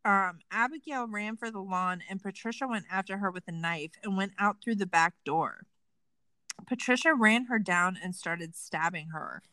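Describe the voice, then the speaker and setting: A woman's voice: medium pitch, moderate pace, no room sound, low-quality recording. A woman hosting a casual true crime podcast, sarcastic and swearing freely. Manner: animated, sarcastic, swears a lot. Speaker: podcast host.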